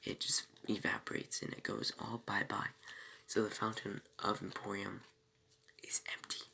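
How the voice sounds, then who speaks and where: Guy recapping a tv episode, super gravelly voice, lots of ums and restarts, goes off on little tangents. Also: fairly low pitch, little pitch movement, normal speed, sharp tone, in a whisper. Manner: rambling, many fillers and self-corrections; breaks off for small asides. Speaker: TV episode reviewer.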